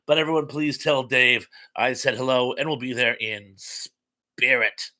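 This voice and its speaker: A man's voice: medium pitch, measured pace, bright, forceful tone. A man hosting a live stream, chatting casually as he reads out viewer comments in a friendly, rambling way with many fillers.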